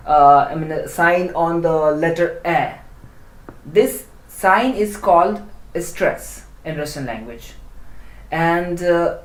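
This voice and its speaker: Slow, hesitant teacher in an echoey room. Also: mid-range voice. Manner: slow, deliberate, with frequent hesitations. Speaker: language teacher. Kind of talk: explaining an online language lesson.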